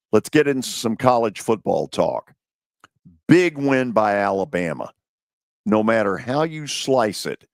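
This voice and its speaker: A man hosting a sports talk show in a slow, relaxed drawl, his voice sitting a little low. He takes his time, pausing and circling back as he talks football. The sound is dry and close. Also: dry recording. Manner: relaxed, unhurried, drawn-out phrasing with pauses. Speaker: radio show host.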